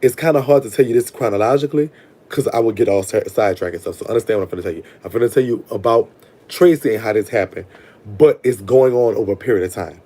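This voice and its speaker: A man's voice: lowish voice, fast talker, warm tone. A man telling a long story in a sassy, digressive, profane way. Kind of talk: casual storytime monologue.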